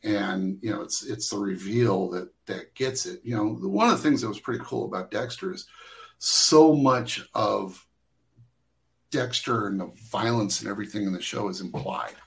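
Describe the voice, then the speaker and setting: A man's voice: on the low side, moderate pace, creaky, rough recording. A man who works as a camera operator, telling behind-the-scenes stories in a casual interview, rambling with many restarts and fillers.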